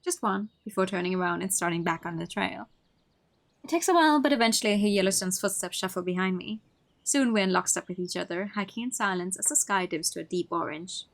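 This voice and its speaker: A woman streamer reads a visual novel aloud at a fast clip and a medium pitch, narrating expressively and tossing in playful asides.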